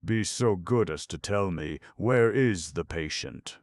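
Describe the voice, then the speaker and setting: A man's voice: sits low, animated, slow pace, no room sound, studio quality, voice pushed up. A man voicing a weary, grieving country doctor who speaks formally and curtly, for an audiobook. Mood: weary, stiff. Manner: formal, clipped. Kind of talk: audiobook character reading.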